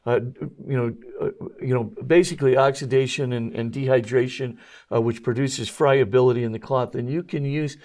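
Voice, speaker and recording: A man of middle pitch, a priest and scholar being interviewed. He explains in careful technical detail and often pauses on ums and uhs as he searches for the right word. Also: steady tone, a little mellow. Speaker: guest, Jesuit priest and scholar.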